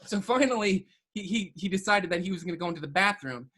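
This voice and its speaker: A man's voice: high-pitched, lively intonation, fast, bright, forceful tone. A man telling stories as a podcast guest, hesitant and often restarting his sentences. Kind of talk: casual storytelling chat.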